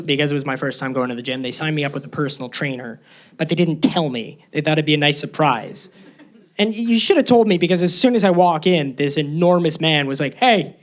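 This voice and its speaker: A young man performing stand-up comedy on a club stage, nervous and self-deprecating, jumping into squeaky tones for punchlines. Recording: live crowd laughing. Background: audience laughter.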